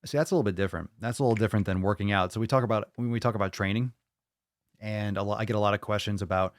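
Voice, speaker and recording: A low-voiced American man hosts a casual live-streamed podcast, loose and profane. He repeats himself often and speaks with hype. The sound is close and dry. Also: rapid-fire, dry recording. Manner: profane, hyped, repeats phrases. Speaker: podcast host.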